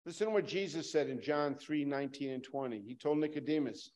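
A man preaching a sermon emphatically, repeating lines for stress and swinging from loud to hushed. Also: on the high side, fairly quick.

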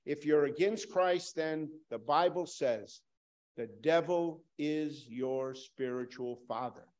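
A man preaching a sermon emphatically, repeating lines for stress and swinging from loud to hushed. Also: fairly high pitch, takes it slowly.

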